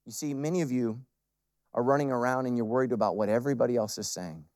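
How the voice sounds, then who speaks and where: A middle-aged man preaching a sermon as a pastor, swinging between loud emphatic peaks and quiet intimate lines and repeating phrases for emphasis. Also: mid-range voice, quick pace, no room sound, clean studio sound.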